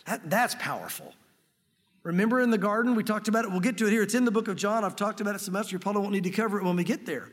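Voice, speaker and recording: A man preaching a sermon with earnest excitement, teaching from the Bible and reading scripture aloud. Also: sits high, quick pace, long reverb tail. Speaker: pastor.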